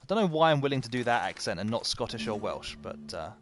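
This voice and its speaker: A man's voice: mid-range voice, sing-song, fast. A man commentating live as he plays a video game, chatty and self-mocking, often talking to the game itself. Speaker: game streamer.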